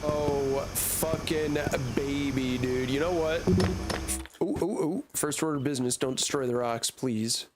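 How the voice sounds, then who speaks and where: A man's voice: medium pitch, unhurried, over loud music, rough recording. A young man streaming a game, rambling and joking with casual swearing. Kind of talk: casual gaming commentary.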